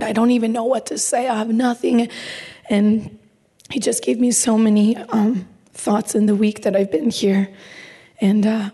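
A young woman missionary from Baltimore addresses a women's church gathering. Her voice is hoarse and husky, with a mellow, darker tone. She talks nervously and emotionally, close to tears and laughing between thoughts. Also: fairly high pitch. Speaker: missionary guest speaker. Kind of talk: talk at a women's church seminar.

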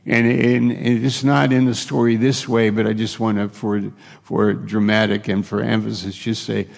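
A man's voice: lowish voice, level tone, normal speed, vocal fry, big-room sound. A man preaching a sermon earnestly, acting out the dialogue of Bible figures and restarting his phrases often.

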